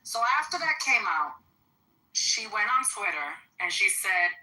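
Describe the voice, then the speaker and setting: A woman hosting a panel stream, unhurried and moving the talk along. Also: lowish voice, sing-song, bright, forceful tone, distant mic, poor audio. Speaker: host.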